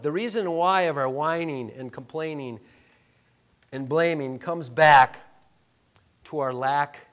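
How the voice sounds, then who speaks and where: A man preaching a sermon, telling a personal story in a conversational, joking way, dropping to soft murmurs and rising to loud emphatic lines. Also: mid-range voice. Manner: conversational, self-deprecating, jokey asides. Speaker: pastor.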